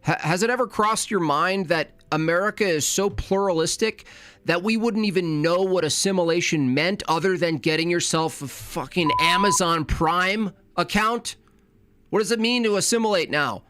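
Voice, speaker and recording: A man's voice: high-pitched, normal speed, bright, forceful tone, dry recording, faint music behind. A man reacting to a clip, ranting with sarcastic questions. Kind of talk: casual reaction commentary.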